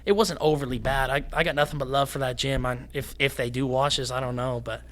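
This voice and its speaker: A young man who is a fighter, a guest on a podcast, telling stories in casual chat in an animated, rambling way. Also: mid-range voice, fast.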